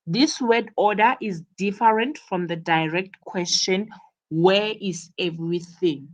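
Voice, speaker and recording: A woman's voice: mid-range voice, measured pace, highs cut off. A woman teaching an English lesson, explaining each point carefully and repeating words for emphasis. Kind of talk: classroom explanation.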